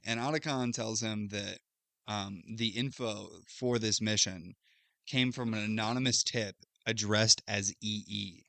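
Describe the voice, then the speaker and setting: A man's voice: lowish voice, steady tone, a little slow, vocal fry, pushed and bright, dry recording. Man recapping a game story, casually. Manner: loose storytelling recap, thinks aloud with fillers. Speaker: podcast co-host recapping a game. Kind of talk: casual chat.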